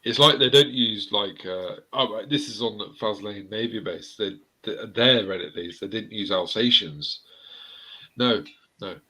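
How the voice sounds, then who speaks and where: A man's voice: fairly low pitch, measured pace, pushed and bright, rough recording. A man telling rowdy anecdotes in a casual chat, swearing freely.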